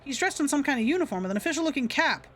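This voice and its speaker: A woman's voice: sits high, animated, rapid-fire, fairly bright tone, slight background noise. Casual live-stream host, woman, chatty game-reading. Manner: reads the game aloud, chatty, stumbles over words.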